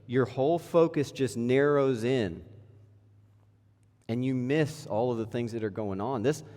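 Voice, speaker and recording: A man's voice: medium pitch, measured pace, dark tone. A man in his thirties preaching a sermon in a church, casual and conversational, full of rhetorical questions. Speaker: pastor. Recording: echoey church hall.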